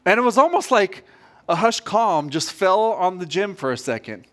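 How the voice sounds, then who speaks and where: A man preaching a sermon as pastor, telling a story in an animated, direct way. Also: high-pitched, moderate pace.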